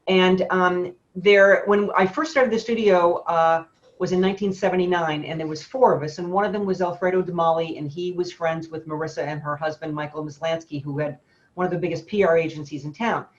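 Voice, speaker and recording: A woman's voice: lowish voice, fairly even intonation, a little fast, lo-fi sound. A woman photographer telling a long anecdote in casual, rambling talk with many fillers and laughs. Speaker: studio owner and photographer. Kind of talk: casual storytelling on a webinar.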